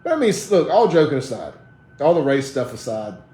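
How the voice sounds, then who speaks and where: A man's voice: mid-range voice, very animated, brisk, warm tone, echoey room. A man with a Mississippi Southern accent, hosting a live online talk show and ranting in a blunt, combative, defiant way. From Jackson, Mississippi, USA. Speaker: host of a live social media talk show.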